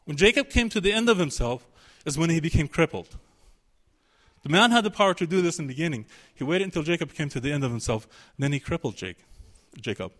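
A man's voice: a little high, animated, fast, fairly bright tone. A man preaching a sermon, emphatic and searching, voicing the pleading of a biblical figure in his quotes.

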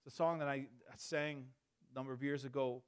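A man in his thirties preaching a sermon, moving between quiet storytelling and fervent emphatic preaching. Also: medium pitch, steady tone, brisk, smooth. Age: 30s.

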